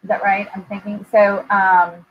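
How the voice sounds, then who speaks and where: A woman hosts a live chat, open and heartfelt, often pausing to find her words. The sound is a little dull and lo-fi, with a faint hiss underneath. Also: medium pitch, flat delivery. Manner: candid and heartfelt, with frequent ums. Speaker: host.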